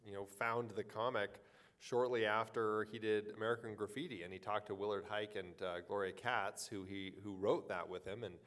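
A man's voice: lowish voice, steady tone, normal speed, fairly bright tone. A man co-hosting a casual chat, speaking hesitantly and thoughtfully. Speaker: podcast co-host.

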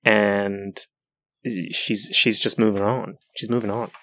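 A man's voice: fairly low pitch, level tone, slow pace, a bit bright, no echo. A man with a New Zealand accent co-hosting a casual podcast chat, talking loosely with lots of "like" and restarts. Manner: loose and rambling, full of "like" and restarts. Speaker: podcast co-host. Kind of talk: casual chat recapping reality TV.

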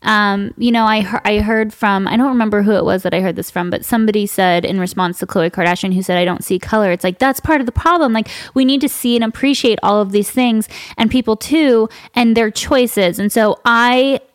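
A woman's voice: medium pitch, steady tone, fairly quick, hardly any pauses, dry recording, clean studio sound. A woman hosting a podcast interview, talking openly and confessionally with many "like" fillers. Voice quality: frequent "like" fillers, open and confessional. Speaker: podcast host. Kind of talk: candid conversational interview.

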